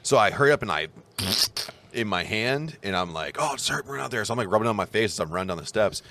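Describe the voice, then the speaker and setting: A man in his thirties with a very low, deep voice spins a self-mocking anecdote on a casual podcast. He rambles and restarts often, laughing at himself as he goes. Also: lively intonation, fast talker, pushed and bright. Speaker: podcast co-host. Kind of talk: casual storytelling chat.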